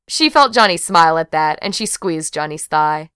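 A woman reading an audiobook aloud in an expressive, even-paced way, in a dry studio. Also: sits low, moderate pace, clean tone, dry recording. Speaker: audiobook narrator. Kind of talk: audiobook narration.

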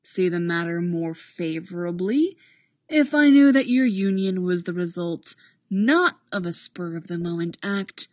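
A woman voicing a stern, formal male police captain who speaks in slow, measured, deadpan sentences. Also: on the low side, no echo, lightly acted.

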